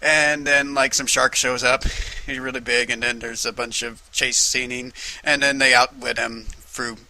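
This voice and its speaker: A man's voice: medium pitch, level tone, normal speed, pushed and bright, rough recording. A man rambling through a crude, profane movie recap, full of "like" and swearing. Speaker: comedic film summarizer.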